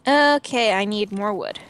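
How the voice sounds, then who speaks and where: A woman's voice: a little high, dry recording. A young woman chatting casually while playing a co-op game, confident and playful, guiding her partner and laughing often. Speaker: co-op gameplay partner and guide. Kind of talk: casual gaming chat.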